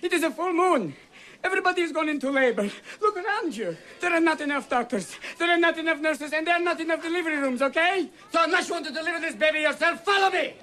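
Flustered foreign doctor in a film comedy, lively pitch. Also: male voice, quick pace, heavily acted. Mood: exasperated. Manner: frantic, bumbling, mixes up words. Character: nervous, manic foreign male doctor.

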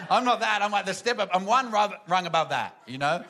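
On stage, a man performs a rambling, self-deprecating stand-up set packed with fillers as the audience laughs around him. His voice is fairly high pitched and animated at a moderate pace, against a noisy background.

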